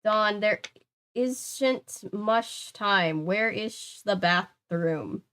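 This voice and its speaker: Woman doing a drunk teen girl, slow and slurred. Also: mid-range voice, slight background noise, close to an everyday voice. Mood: slurring. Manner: slow, drawn-out slurred speech. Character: tipsy teenage girl, slurring and giddy. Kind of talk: reading a novel aloud.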